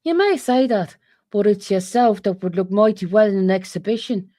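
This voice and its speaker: A woman's voice: mid-range voice, expressive, moderate pace, dark tone, natural voice. A woman doing a sly trickster servant. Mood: teasing. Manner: wheedling, teasing, mock-soothing.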